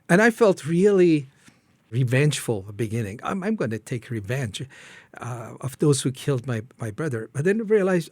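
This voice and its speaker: A man's voice: lively intonation, a little mellow, dry recording. Earnest middle-aged man from Iran. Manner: halting, earnest, acts out his own prayers with rising pitch. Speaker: ministry founder, guest. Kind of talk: personal testimony in an interview.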